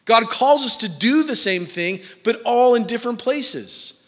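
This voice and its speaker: Bright-voiced preacher in an echoing hall. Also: male voice, very high voice, animated, unhurried. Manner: casual, joking asides. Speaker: pastor. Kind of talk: sermon.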